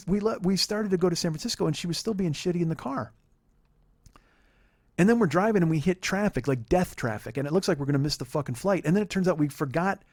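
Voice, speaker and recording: A man's voice: on the high side, a little mellow, no echo. A man in his forties hosting a podcast, telling a personal story in a heated, profane, rambling monologue. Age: 40s. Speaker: podcast host.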